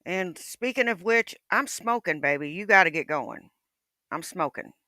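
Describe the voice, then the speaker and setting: A woman's voice: lowish voice, animated, moderate pace, pushed and bright, dry recording. Brief: woman streamer, dry close sound, folksy and profane chatter. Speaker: livestream host. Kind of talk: casual livestream chat.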